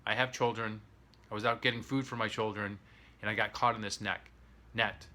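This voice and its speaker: Guy doing a sly crocodile mom from a story, plain low-ish voice, punchy and bright. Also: steady tone, moderate pace. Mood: pleading. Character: crafty female mother crocodile.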